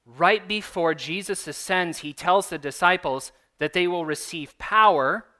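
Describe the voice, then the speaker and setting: Male pastor, slightly high and bright voice, relaxed conversational sermon delivery with emphatic points. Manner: conversational, emphatic teaching with asides.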